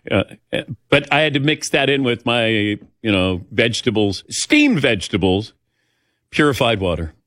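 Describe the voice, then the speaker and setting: A man's voice: medium pitch, big pitch swings, unhurried, a bit bright, no echo, clean studio sound. An older man hosting a show, telling personal stories in a chatty, self-deprecating way and acting out the voices he quotes. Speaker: host. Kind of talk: casual storytelling chat.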